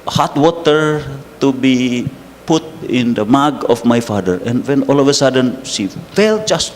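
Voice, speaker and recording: A Filipino priest with a Filipino accent telling a personal story in an emotional sermon, laughing at himself. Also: male voice, mid-range voice, expressive, unhurried. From Philippines. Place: church hall. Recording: reverberant hall, faint noise.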